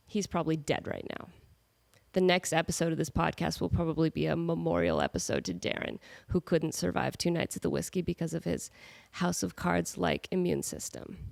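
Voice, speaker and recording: A woman's voice: fairly low pitch, vocal fry. Nasal, sick woman podcaster. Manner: chatty, self-mocking, rambling asides. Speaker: podcast host. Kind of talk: casual solo podcast chat. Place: at home with her cat.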